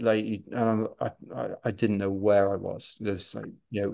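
A middle-aged man, a podcast guest, telling a running anecdote with animated self-deprecating humour. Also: on the low side, normal speed, vocal fry, hardly any pauses. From Wales. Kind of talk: anecdotal storytelling.

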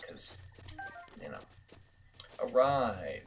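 A man's voice: fairly low pitch, measured pace, loud music behind the voice. A young man giving casual, self-mocking gameplay commentary, swearing often. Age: young adult. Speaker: gaming video host.

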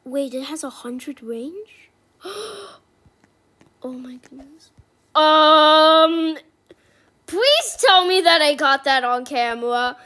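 A woman giving casual gameplay commentary as a YouTuber, talking through her choices and turning excitable when she gets lucky. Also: sits high, slow, long pauses. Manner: excitable, squealing with joy. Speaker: gaming YouTuber.

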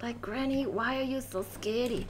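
A woman's voice: on the high side, normal speed, slight background noise. A woman streaming a horror game live, chatting with viewers, giggling and yelping when startled.

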